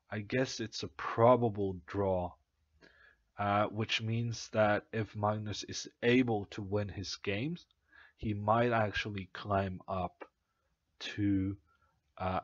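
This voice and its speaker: A man's voice: fairly low pitch, no room sound, highs cut off. A young Norwegian man whose first language is Norwegian, casually commentating chess on a stream, thinking aloud with plenty of uhs and ums. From Norway. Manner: hesitant, thinking aloud with many fillers.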